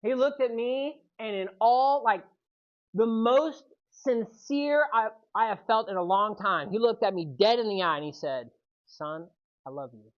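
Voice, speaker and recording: A man giving a youth sermon, telling a personal story with lively energy and often checking in with the audience. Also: sits high, a little slow, highs cut off. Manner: animated storytelling, keeps checking in with "right?". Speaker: youth speaker.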